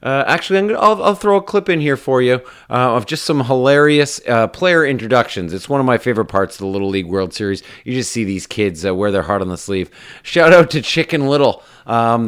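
A man's voice: mid-range voice, a little fast, fairly bright tone, clean tone. A man from Canada hosting a casual radio show, rambling and upbeat with lots of fillers. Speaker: radio host.

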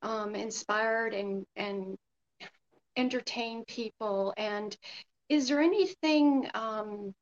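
A woman's voice: fairly high pitch, slow, muffled recording. A woman interviewing a guest, encouraging her with frequent short affirmations. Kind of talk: casual interview.

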